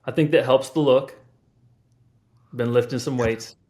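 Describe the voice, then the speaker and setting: A man's voice: medium pitch, steady tone, a little slow, a little mellow. A man who works as a personal trainer, chatting casually in an easygoing, agreeable way. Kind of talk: casual chat.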